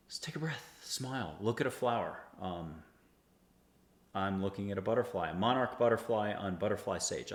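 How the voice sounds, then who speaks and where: Lowish-voiced american guy rambling on about spirit stuff, echoey room over a video call. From United States. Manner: rambling and enthusiastic, guiding listeners through exercises. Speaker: host. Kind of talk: casual spiritual talk.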